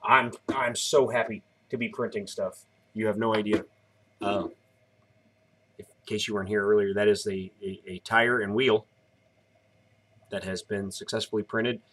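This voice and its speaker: A man's voice: on the low side, steady tone, moderate pace, long pauses, a bit bright. A tired man in his thirties chatting casually on a live stream, rambling as he explains each step. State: tired, yawning.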